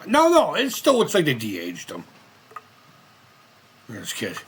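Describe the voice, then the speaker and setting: Husky guy rambling and cussing thru a casual video reaction, voice bounces up and down a lot. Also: on the high side, huge pitch swings, unhurried, a bit bright. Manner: rambling, swears freely. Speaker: host of a retro gaming and movie channel.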